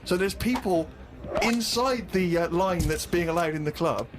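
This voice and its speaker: A man's voice: high voice, normal speed, over music. A man telling a self-mocking comic story, acting out other people's lines and laughing at himself. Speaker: co-host of a comedy podcast.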